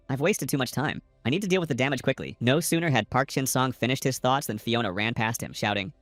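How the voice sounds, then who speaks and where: A man's voice: mid-range voice, lively intonation, quick pace, few pauses, fairly bright tone, no room sound, soft background music. A man narrating a comic-book recap in a scripted storytelling style, reading every character's lines himself with slightly uneven stresses. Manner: reads all characters' lines in a lightly varied narrator voice.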